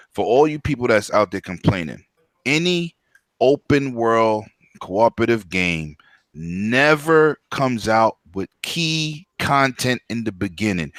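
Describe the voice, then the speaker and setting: A man's voice: mid-range voice, fairly bright tone, dry recording. A man from New York co-hosting a casual podcast, making points in an emphatic, argumentative way. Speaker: podcast co-host.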